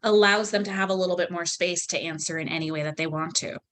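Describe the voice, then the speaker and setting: Woman trainer, low voice, calm explanatory lecture, example phrasings. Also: fast talker. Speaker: volunteer trainer.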